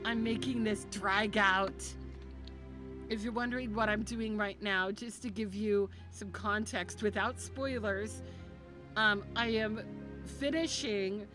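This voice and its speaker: A woman game streamer chatting casually on a live stream, gushing and affectionate with her viewers. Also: a little high. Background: game music.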